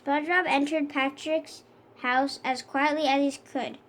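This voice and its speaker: High-voiced woman reading a children's book. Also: unhurried, a little hiss or hum. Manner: steady reading with small slips and self-corrections. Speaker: storybook reader. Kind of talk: children's read-aloud.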